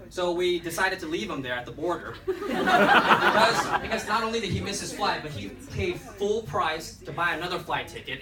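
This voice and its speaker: A man telling a lively story to an audience at a lunch talk, often checking in with "okay". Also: a little high. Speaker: presenter. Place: lecture room. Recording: echoey room, far mic, noisy.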